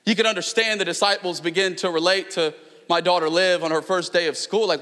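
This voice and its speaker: Pastor, male, 30s, high bright voice, lively storyteller, reverberant church hall. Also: fairly quick. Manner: animated storytelling, rising to near-shouts. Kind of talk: sermon.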